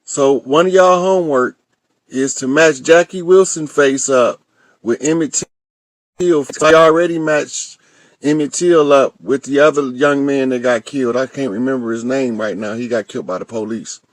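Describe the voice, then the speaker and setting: A man's voice: medium pitch, moderate pace, dry recording. A man with a Southern US accent hosting, giving casual, profane commentary on a clip he plays. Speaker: host.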